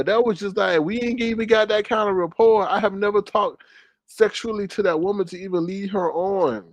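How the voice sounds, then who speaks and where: A man's voice: high-pitched, no echo. A man telling a story in casual commentary, gossipy, with dramatic exclamations. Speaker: commentary vlogger.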